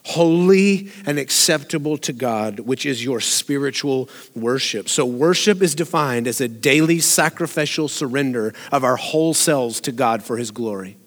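A pastor with a fairly high, slightly bright voice gives a sermon in a church sanctuary, with the long reverb of a large hall around him. He talks conversationally, quizzing the congregation and laughing a lot.

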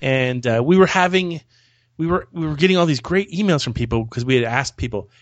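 A man's voice: on the high side, fairly quick, muffled recording. A man hosting a casual podcast chat. He rambles and repeats words as he starts his sentences. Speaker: podcast host.

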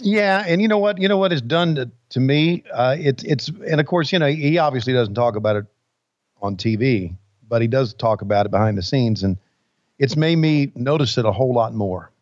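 Brisk and expressive, this medium-pitched man co-hosts a casual podcast. He keeps it laid-back and rambling and addresses people as buddy. His voice comes through dull and dry.

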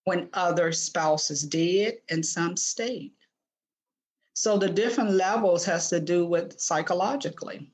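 Earnest older woman, halting speech. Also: on the low side. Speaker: interview guest, author. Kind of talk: podcast interview.

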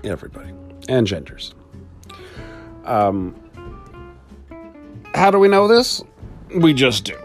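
A man's voice: medium pitch, very animated, takes it slowly, pauses often, soft background music. A man hosting a casual solo podcast, rambling and swearing with frequent laughs while he walks around his studio. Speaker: podcast host.

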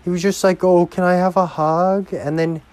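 A woman's voice: lowish voice, level tone, normal speed, a little mellow, no room sound, voice pushed up, natural voice. A man putting on a ditzy drunk young woman. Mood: rambling.

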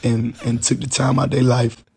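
Gravelly, husky man ranting on stage. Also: medium pitch, little pitch movement, normal speed, a little mellow. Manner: profane, repetitive, drawling. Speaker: rapper on stage. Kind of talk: rambling onstage rant.

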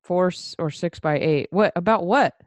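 A woman's voice: lowish voice, normal speed, a little mellow, dry recording. A young woman co-hosting a casual podcast. She teases her friend and laughs often. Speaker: podcast co-host.

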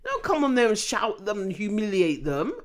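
A woman in casual conversation, opinionated and animated, often restarting her sentences. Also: medium pitch, brisk. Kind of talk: casual chat.

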